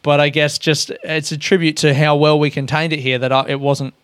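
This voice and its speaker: An Australian man rambles through a casual solo monologue with a smooth, clear voice pitched a little high. He swears freely and keeps mocking himself as he talks. The sound is close and dry. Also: flat delivery, brisk, a bit bright, no echo.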